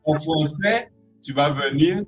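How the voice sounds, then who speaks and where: A man's voice: a little high, measured pace, slightly rough, soft background music, poor audio. A man from Guadeloupe with a Guadeloupean French accent, chatting in an interview and acting out expressions with playful voices. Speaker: creative arts specialist guest. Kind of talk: casual interview chat.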